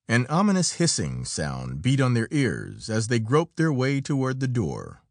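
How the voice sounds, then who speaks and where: A male narrator reads an adventure story in a dramatic storytelling style. His pitch rises and falls a great deal, and the recording is dry and close with no room echo. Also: wildly swooping pitch, unhurried, hardly any pauses. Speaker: audiobook narrator. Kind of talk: scripted narration.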